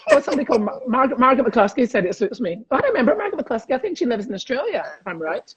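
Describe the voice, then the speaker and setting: A man's voice: extremely high pitch, huge pitch swings, quick pace, fairly bright tone, husky. A Scottish man, a comedian, chatting cheekily on a video call and laughing often. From Scotland. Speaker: comedian guest. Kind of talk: casual chat on a video call.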